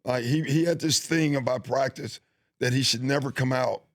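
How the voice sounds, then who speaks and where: A middle-aged man talks through coaching stories in an easygoing, meandering way, often stopping to restart a thought. His voice sits at a middle pitch and sounds close and dry, with no room echo. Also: normal speed. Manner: easygoing, with frequent fillers and restarts. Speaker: basketball coach, guest. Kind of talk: relaxed storytelling interview. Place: studio.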